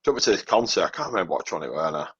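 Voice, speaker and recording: A man's voice: low-pitched, sing-song, rapid-fire, a bit bright, husky, muffled recording. A man from near Manchester, swearing and laughing his way through football stories. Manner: sweary, laughs at his own stories, calls people mate. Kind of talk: casual late-night football chat.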